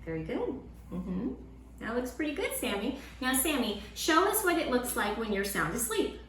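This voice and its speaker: A woman teaching a Sunday school lesson to children at home, in a lively, encouraging way. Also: a little high, normal speed, a little hiss or hum. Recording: roomy room sound with faint ambience.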